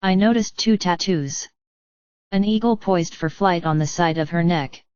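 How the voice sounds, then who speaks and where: A woman narrating an audiobook in a measured, even storytelling read. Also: lowish voice, smooth, no room sound, lo-fi sound. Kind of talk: scripted narration.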